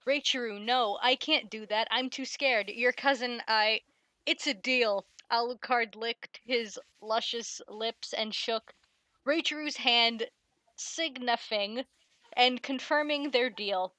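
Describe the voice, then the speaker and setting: Bright, laughing woman host. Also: fairly high pitch, slow pace, dry recording. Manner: laughs often, swears, reads with exasperation. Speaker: host of a fan fiction reading stream. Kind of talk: casual chat and comic read-aloud.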